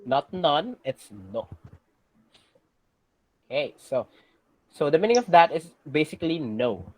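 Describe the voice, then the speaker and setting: A teacher with a Filipino accent giving a class lesson, patiently checking in with students and pausing on fillers. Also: medium pitch, no echo, poor audio. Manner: patient, checks in with "okay?" often; hesitant, many fillers and restarts.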